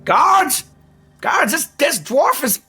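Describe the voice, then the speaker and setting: A man's voice: sing-song, slow, bright, forceful tone, faint music behind, exaggerated voice. A man voicing a cranky, hunched old male shopkeeper who takes offense easily, in a tabletop game. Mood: shrill outrage. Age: old man figure. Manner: shrill, indignant, easily outraged.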